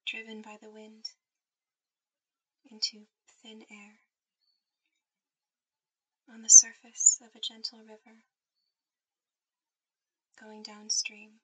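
A woman speaking in a soft, intimate whisper, guiding the listener toward sleep in a whispered role-play. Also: mid-range voice, monotone, slow, pauses often, breathy edge, rough recording. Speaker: ASMR performer.

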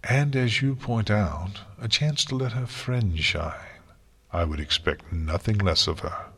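A man voicing a regal elder princess pony in a storybook reading, firm and gentle. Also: lowish voice, animated, unhurried, slightly rough, long reverb tail, exaggerated voice. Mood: composed.

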